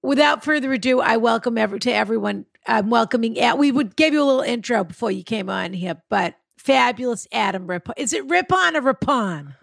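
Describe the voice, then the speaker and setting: A woman's voice: fairly high pitch, fairly quick, creaky, hardly any pauses, dry recording, studio quality. A woman hosting a podcast, chatting in a playful, teasing way with campy endearments. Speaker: podcast host. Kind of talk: casual comedic interview chat.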